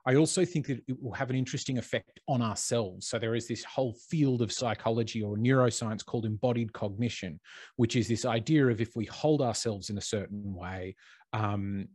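A man's voice: medium pitch, a little fast, a little mellow, dry recording, studio quality. A man, talking thoughtfully in a casual conversation and building on ideas with playful asides. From Australia.

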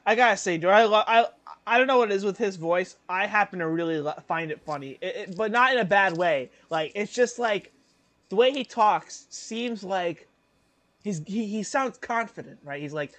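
With a high, fairly bright voice and lively intonation, this young podcast co-host chats casually, rambling with lots of fillers, "like," and restarts. He slips into quick voice impressions, and there's no room sound.

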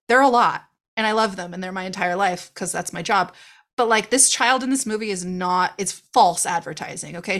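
A woman co-hosting a podcast, chatting casually about a movie in an animated way, swearing freely and slipping into quoted voices. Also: mid-range voice. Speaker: podcast co-host. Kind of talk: casual chat reviewing a movie.

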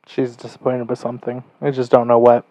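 A man's voice: mid-range voice, monotone, brisk, no room sound, muffled recording. A man co-hosting a casual podcast, chatting in an easygoing way. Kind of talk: casual chat.

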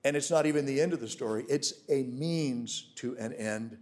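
A man preaching a sermon as a pastor, swinging from loud, emphatic declarations to hushed, intimate storytelling. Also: medium pitch, moderate pace.

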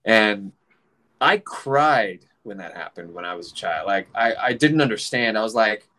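A man in his forties telling a casual story, animated, swearing freely and acting out other people's voices. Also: fairly low pitch, a little slow.

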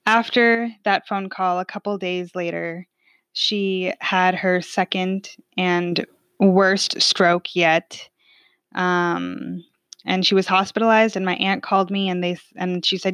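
A woman's voice: on the low side, steady tone, slow pace, fairly bright tone, smooth, dry recording. A woman in her twenties telling a personal family story in a casual, chatty way, full of fillers. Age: 20s.

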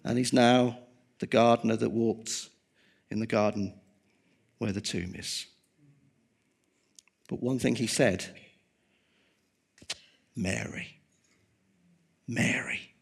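A man preaching a sermon, swinging from loud emphasis to hushed, quiet tones. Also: mid-range voice, steady tone, slow pace, creaky, long pauses, slightly rough.

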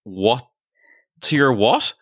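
A man's voice: mid-range voice, big pitch swings, slow pace, a bit bright, no room sound, studio quality, full character voice. A man voicing a concussed adventurer who talks in a sheepish, rambling way. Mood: dazed sheepish. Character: dazed, concussed male adventurer, blunt.

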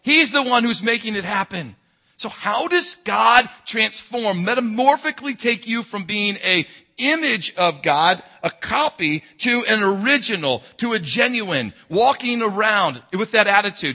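A male pastor, preaching a sermon that moves between emphatic, loud passages and low, quiet intensity. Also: expressive, unhurried.

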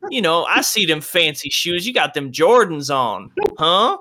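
A man voicing a rowdy, hostile bar patron who shouts and curses at strangers. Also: a little high, sing-song, a little slow, voice pushed up, exaggerated voice. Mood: hostile taunting. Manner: shouting, taunting, cursing.

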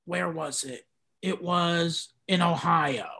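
A stand-up comedian chatting casually on a podcast, telling slangy, laid-back stories and acting out little bits. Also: male voice, fairly high pitch, slow pace, creaky, sharp tone.

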